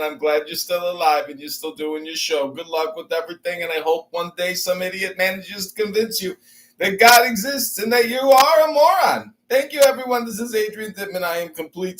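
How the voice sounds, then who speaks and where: A man speaking as a troll in a live audio chat room, talking down to others in a sarcastic, mocking way. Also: sits high.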